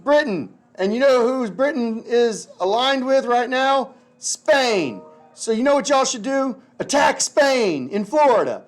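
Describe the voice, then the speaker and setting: A man's voice: very high-pitched, lively intonation, measured pace, faint music behind, voice pushed up. A man voicing a pushy, eager male ambassador who rattles off rising questions. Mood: scheming.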